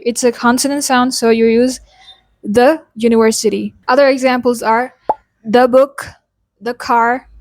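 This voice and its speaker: A young Indian woman with an Indian English accent, teaching pronunciation as an accent coach, repeating example words slowly to demonstrate them. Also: fairly high pitch, no echo, clean studio sound. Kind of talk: pronunciation lesson.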